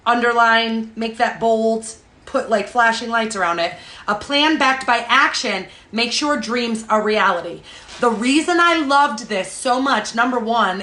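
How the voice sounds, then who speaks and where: A woman's voice: a little high, sharp tone. A woman coaching a group on social selling in a chatty, emphatic way, tagging lines with "okay?" and "all right?". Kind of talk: motivational group talk. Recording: echoey room.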